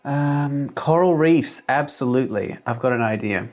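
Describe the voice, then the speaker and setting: A man's voice: mid-range voice, moderate pace, a little mellow. A man who grew up in Australia with an English accent from British parents, hosting a casual livestream from a small home room and rambling with lots of fillers. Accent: English accent from British parents, living in Australia. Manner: rambling and chatty, with many fillers and restarts. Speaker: livestream host and mapmaker. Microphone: desk mic, no headphones.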